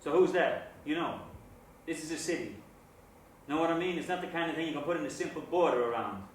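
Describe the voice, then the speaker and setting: A man's voice: a little high, animated, a little fast, a little hiss or hum, natural voice. An actor playing a menacing, foul-mouthed neighborhood gangster man. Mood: scornful. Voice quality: crude and intimidating. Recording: echoey room, mic at a distance.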